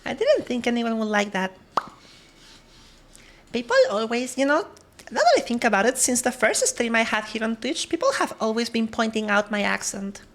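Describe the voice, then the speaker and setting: A woman's voice: fairly high pitch, very animated, moderate pace, a bit bright. A woman streamer, chatting casually with her viewers and greeting them one by one. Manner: chatty, greets viewers one by one, switches between English and Spanish.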